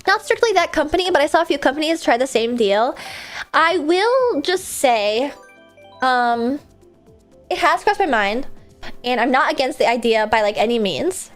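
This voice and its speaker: High-voiced woman streamer, rambly chat. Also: lively intonation, moderate pace, faint music behind. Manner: rambling, filler-heavy, with sudden loud outbursts at the game. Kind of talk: casual live-stream chat while gaming.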